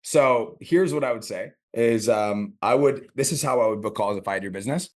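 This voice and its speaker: A man's voice: mid-range voice, brisk, hardly any pauses. A man coaching a caller in a blunt, profane, direct way. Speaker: business coach, host.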